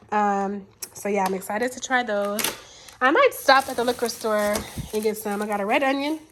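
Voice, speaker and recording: A woman's voice: mid-range voice, noisy background. A woman in her thirties vlogging a casual grocery haul, chatty and calling viewers y'all, a little stuffy from a cold. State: stuffy, sniffling.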